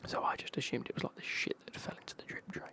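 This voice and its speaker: A man from England with an English accent, telling a casual travel story in a whispered ASMR style, in a husky whisper with slang. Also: fast talker, bright, forceful tone. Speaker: ASMR creator.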